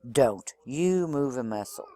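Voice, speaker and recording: A man reading a novel aloud, voicing a furious stern mother who gives slow, low, clipped commands. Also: animated, mellow, no echo. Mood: cold fury.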